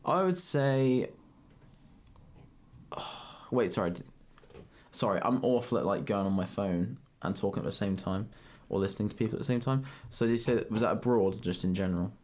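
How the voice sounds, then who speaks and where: A young man in his twenties talks in a low voice on a casual podcast. He rambles, swears now and then and breaks into laughter often. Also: normal speed, a little mellow. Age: 20s. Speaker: podcast co-host. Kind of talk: casual chat.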